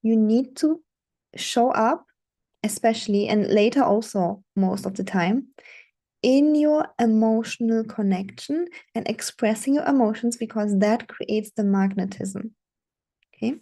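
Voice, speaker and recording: A woman coaching her viewers on dating, speaking in a fairly high but mellow, warm voice. She gives firm, instructive advice, repeats her points and keeps checking in with "okay?". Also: measured pace. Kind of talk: coaching monologue.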